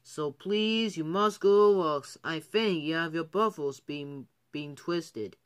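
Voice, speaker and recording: A man's voice: fairly high pitch, takes it slowly, clear, resonant tone. A man voicing a stern, disappointed male railway boss in a homemade story, scolding sharply.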